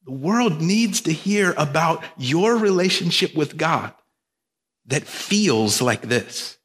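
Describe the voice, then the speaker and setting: A man's voice: on the high side, lively intonation, takes it slowly, a bit bright. A male pastor preaching a sermon, emphatic and repetitive, with joking asides. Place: church sanctuary. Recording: long reverb of a church hall.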